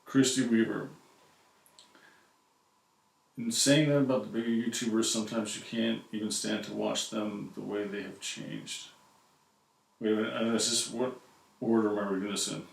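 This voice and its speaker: A man's voice: lowish voice, fairly even intonation, vocal fry. An American man co-hosting a casual chat, reading viewer questions aloud with dry jokes. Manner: joking, reads questions aloud haltingly. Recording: echoey room.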